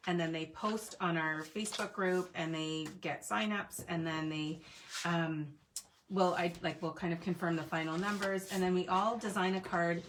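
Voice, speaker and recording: A woman's voice: lowish voice, noisy background. A woman in her thirties hosting a card-making live stream from her home craft desk, chatting playfully with viewers as she works. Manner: chatty, playful, talks to viewers while working. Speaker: card-making livestream host. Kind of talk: casual crafting demo chat.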